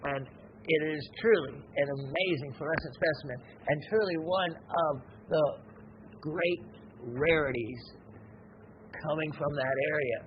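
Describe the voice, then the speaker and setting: A man hosting a gem and mineral show, talking in a slow, rambling, reflective way with many pauses and fillers. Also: a little high, highs cut off, a little hiss or hum. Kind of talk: unscripted educational show talk.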